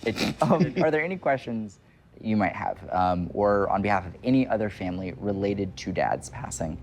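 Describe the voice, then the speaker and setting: A man's voice: fairly low pitch, expressive, normal speed, slight background noise. A man in his twenties, a medium hosting the show, talking casually with short affirming replies and easy laughter. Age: 20s. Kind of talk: casual chat.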